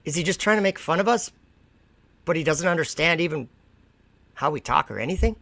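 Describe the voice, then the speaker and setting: A bemused little squirrel asks one puzzled question after another, as a man puts on its voice. The voice is slightly raised and gravelly, with a bright edge and a dry, close sound. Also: on the high side, expressive, fairly quick, no room sound, exaggerated voice. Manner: questioning, baffled.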